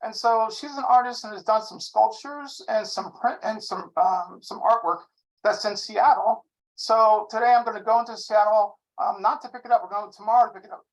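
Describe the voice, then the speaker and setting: A man's voice: high voice, fairly even intonation, moderate pace, low-quality recording. A man in his sixties on a video call, chatting in a friendly, rambling way as a caller. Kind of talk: casual chat.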